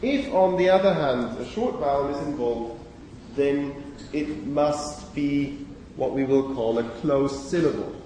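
In a university lecture hall, a male lecturer unhurriedly explains phonology's sound rules, asking the class questions and often saying "okay?" in a conversational way. His voice is mellow and a little high for a man. The echoey recording catches him from a distance, with long reverb and faint ambient noise.

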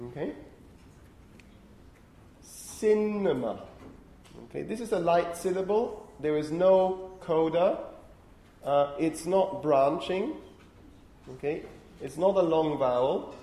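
A male lecturer giving a university lecture, talking in a lively way, often correcting himself and checking in with "okay?". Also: fairly high pitch. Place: lecture hall. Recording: roomy lecture hall echo.

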